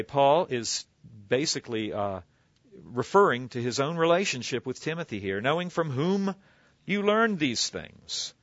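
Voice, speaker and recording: A pastor giving an expository sermon in a conversational teaching manner, explaining word origins with asides. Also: male voice, medium pitch, sharp tone, no room sound. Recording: slightly dull lo-fi recording.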